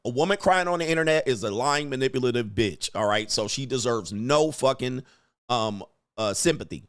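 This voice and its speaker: A man's voice: mid-range voice, lively intonation, normal speed, a bit bright, no room sound, clean studio sound. A man hosting a reaction commentary, talking bluntly and emphatically with a lot of profanity. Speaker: commentary host and coach.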